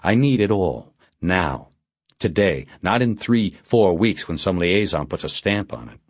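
A man's voice: low voice, sing-song, a little slow, no echo, exaggerated voice. A man playing a dogged male police detective who talks in a dry, pushy, sardonic way. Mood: wry.

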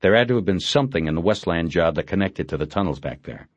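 A man's voice: low voice, lively intonation, fast, no room sound, highs cut off. A man playing a dogged male police detective who talks in a dry, pushy, sardonic way. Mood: pressing.

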